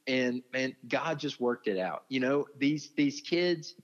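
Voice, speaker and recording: Slow and mid-range, a man who leads a ministry tells earnest conversational stories as an interview guest, speaking with feeling and saying "man" often. The dull, lo-fi audio has a big-room sound.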